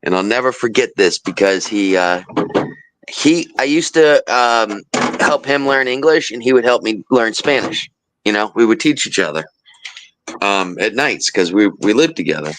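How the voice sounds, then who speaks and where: Casting: man with a lowish voice, chatty storyteller, laughs between lines. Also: moderate pace, low-quality recording. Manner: animated anecdote-telling, laughs often. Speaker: storyteller in a group chat. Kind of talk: casual chat.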